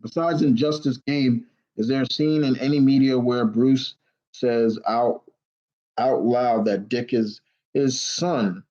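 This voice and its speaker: A man's voice: medium pitch, fairly even intonation, slow pace, dark tone, muffled recording. A young man hosting a casual live question-and-answer stream, rambling and blunt, swearing freely. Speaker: host answering viewer questions.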